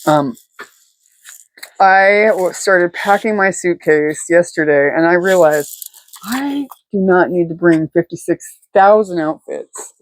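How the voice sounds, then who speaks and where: A woman's voice: fairly low pitch, slow, no room sound, low-quality recording. Chatty woman giving a rambling tarot reading. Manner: rambling, filler-heavy, chatty. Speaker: tarot reader. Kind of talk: casual tarot reading chat. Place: at home.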